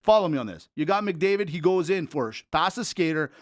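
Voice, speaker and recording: Animated, high-pitched male podcast host. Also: a little fast, no echo, clean studio sound. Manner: animated, joking, riffs and rants. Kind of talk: casual sports banter.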